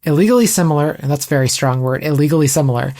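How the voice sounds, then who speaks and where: Brisk-talking podcast host man. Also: fairly high pitch, darkish tone. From Canada. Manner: brisk, reads quotes aloud with asides. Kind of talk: casual podcast chat.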